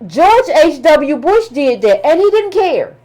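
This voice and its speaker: A woman's voice: high-pitched, big pitch swings, slow, warm tone. A woman giving impassioned political commentary, emphatic and scolding, with colloquial phrasing and repetition.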